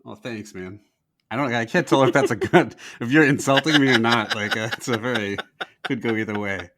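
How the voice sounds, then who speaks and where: A man's voice: mid-range voice, a little fast, a bit bright. A man co-hosting a comedy podcast, telling rambling jokey stories in a casual chat. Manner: rambling, jokey storytelling with lots of laughs. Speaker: podcast co-host.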